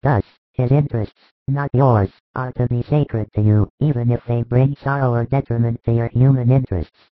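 A man voicing a calm, patient male spiritual teacher. He speaks in measured, instructive sentences in a dramatized religious reading, on a tinny recording. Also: mid-range voice, dry recording, close to an everyday voice. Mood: calm teaching. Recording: tinny phone-like dry recording.

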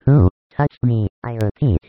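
A man's voice: medium pitch, animated, a little slow, dry recording, natural voice. A man voicing a firm, commanding teacher. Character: calm, commanding male spiritual teacher. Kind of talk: audiobook reading. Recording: tinny phone-like recording.

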